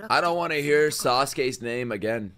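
A man reacting to an anime episode live, excitable and swearing a lot as he talks back at the screen. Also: medium pitch, normal speed.

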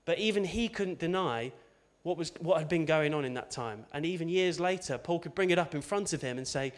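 A man's voice: a little high, animated, brisk, hardly any pauses. Chatty man preaching a sermon. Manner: conversational, chatty, with asides and tag questions. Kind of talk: informal sermon.

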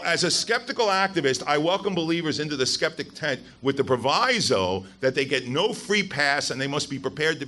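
Bright-voiced man giving a blunt, emphatic talk. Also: on the high side. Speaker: guest speaker at a skeptics event. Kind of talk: live public talk to an audience. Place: event hall with a live audience.

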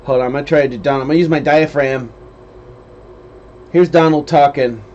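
A man's voice: medium pitch, steady tone, very fast, a little mellow, dull audio. A man chatting casually on a livestream, rambling and joking and trying out silly impressions. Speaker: streamer.

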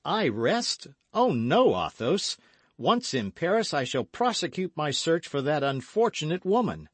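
Young swordsman, eager, insistent, higher voice, man reading, dry sound. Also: big pitch swings, measured pace, dry recording. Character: young hot-headed male swordsman, eager.

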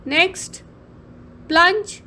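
A woman's voice: extremely high pitch, pushed and bright, slight background noise. A woman teacher giving an online lesson, carefully explaining vocabulary. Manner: slow, explaining word meanings carefully.

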